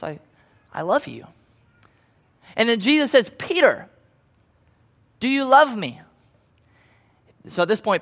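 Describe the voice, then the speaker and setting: A man's voice: extremely high pitch, a bit bright. A young man preaching a sermon in a conversational, storytelling way, acting out the voices of the people he quotes.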